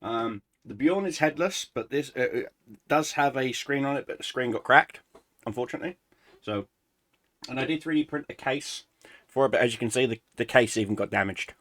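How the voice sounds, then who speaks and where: A man chatting casually through a life update for his gaming channel, rambling and relaxed, pausing to snack. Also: medium pitch, no room sound. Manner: rambling, relaxed, eating snacks while talking. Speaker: gaming YouTuber.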